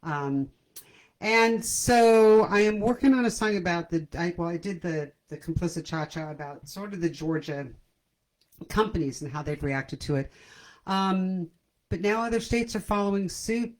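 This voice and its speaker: A woman's voice: fairly low pitch, expressive, normal speed, darkish tone, poor audio. Chatty woman hosting a comedy livestream. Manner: chatty, self-deprecating, laughs at her own jokes. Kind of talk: casual chat to a livestream audience. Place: at home. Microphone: computer camera mic.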